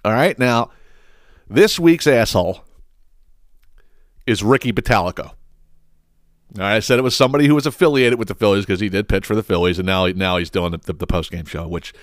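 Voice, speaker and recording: A man's voice: fairly low pitch, fairly quick, long pauses, no room sound, clean studio sound. A young man hosting a podcast, ranting bluntly and with lots of cursing, exasperated. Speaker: podcast host.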